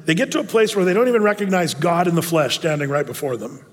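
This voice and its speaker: Guy preaching, kinda high voice, lots of stumbles and restarts, big hall echo. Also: quick pace. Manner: animated storytelling with many restarts. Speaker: pastor. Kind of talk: sermon.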